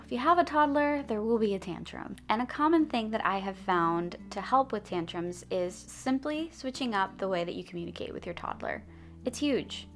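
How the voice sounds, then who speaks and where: A woman's voice: medium pitch, fairly bright tone. Chatty woman explaining parenting tips. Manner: friendly, chatty, laughs between points. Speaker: behavior analyst giving parenting advice. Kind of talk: direct-to-camera parenting tips.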